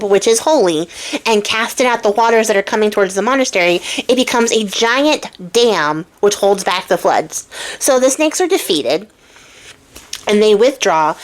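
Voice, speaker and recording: A woman hosting a crafting channel, retelling a legend in a chatty, slangy way with lots of fillers. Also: mid-range voice. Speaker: channel host, storyteller. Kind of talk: casual storytelling while crafting.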